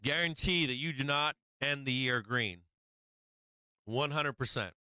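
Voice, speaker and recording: Speaking a little slowly in a sharp, clean mid-range voice with no room sound, a man hosts a live stock market stream. His casual trading commentary is brash, profane, and rambling; he repeats "right?", restarts often, and addresses viewers directly, coaching and taunting them.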